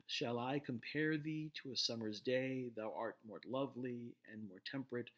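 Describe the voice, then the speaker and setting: A man lecturing to a class at a middle pitch, explaining step by step. He often pauses, restarts his words and checks in with the listener. The tone is plain and instructive. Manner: explanatory, frequent fillers and restarts, asks "right?".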